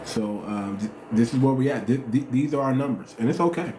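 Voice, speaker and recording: A man's voice: medium pitch, a little fast. A man from the United States hosting a casual live stream, talking in a slangy, emphatic way and repeating himself for weight. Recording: roomy echo, faint noise.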